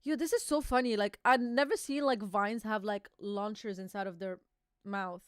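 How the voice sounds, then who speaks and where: A woman's voice: mid-range voice, moderate pace, clear, resonant tone, no room sound, clean studio sound. A young woman hosting a casual live reaction stream, chatty and swearing as she reads the comic aloud. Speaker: streamer host.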